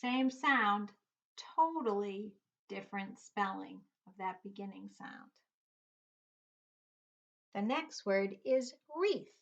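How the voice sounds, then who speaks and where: A middle-aged woman teaches young children a phonics lesson, speaking very slowly and sounding each letter out one at a time. She keeps her pitch in an ordinary middle range. The recording is dull and lo-fi. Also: animated, vocal fry, fairly bright tone. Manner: slow, patient, spells out letters one by one.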